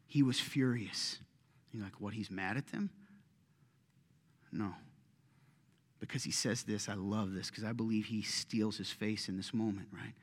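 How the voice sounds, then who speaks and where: A man preaching a sermon, swinging from hushed asides to loud, pleading retellings. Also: fairly low pitch, in a large hall. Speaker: pastor.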